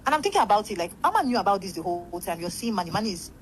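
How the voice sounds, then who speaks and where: A woman's voice: medium pitch, sing-song, rapid-fire, a little hiss or hum, rough recording. A young woman telling a long gossip story in casual chat, rambling and blunt, swearing freely.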